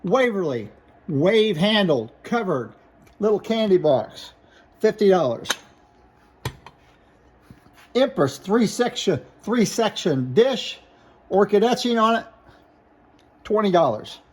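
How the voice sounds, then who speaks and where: A man's voice: high voice, very animated, takes it slowly, pauses often, slight background noise. A man showing glass pieces for sale, listing names, flaws and prices in a plain, matter-of-fact way. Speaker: glass seller. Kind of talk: product showcase sales talk.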